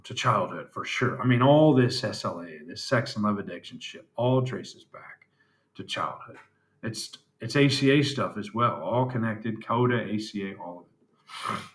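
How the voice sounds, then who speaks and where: A man talking candidly to camera in a personal video diary, halting and reflective, with frequent pauses and fillers. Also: lowish voice, fairly bright tone. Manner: candid, plain-spoken. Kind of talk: personal confessional vlog. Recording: roomy echo.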